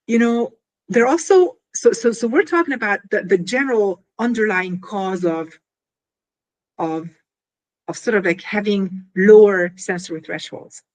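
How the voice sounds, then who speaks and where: A woman in an interview explaining her invention in an animated, casual way, full of fillers and little acted-out scenes. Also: mid-range voice, measured pace.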